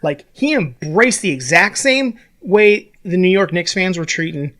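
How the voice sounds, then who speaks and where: A young man in casual sports chat, animated and sweary. His pitch leaps around as he mocks players in quick impressions. He sits a touch higher than the average male voice. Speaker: podcast co-host.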